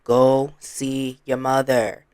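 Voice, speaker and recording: A commentary vlogger with a blunt, sassy manner, talking straight to the audience. The voice sits mid-pitch and sounds close and dry. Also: monotone, slow pace, a little mellow, clear, resonant tone, dry recording. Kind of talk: casual commentary.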